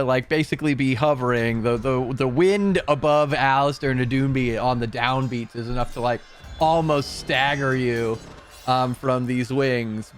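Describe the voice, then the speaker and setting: A man narrating as game master for a tabletop game, describing the scene in a halting way with many fillers. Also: medium pitch.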